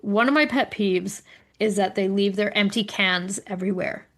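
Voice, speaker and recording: A middle-aged woman co-hosting a podcast speaks at a moderate pace with a mid-range voice, recorded on a studio microphone. Among friends, she tells lively stories, swearing liberally and performing others' lines.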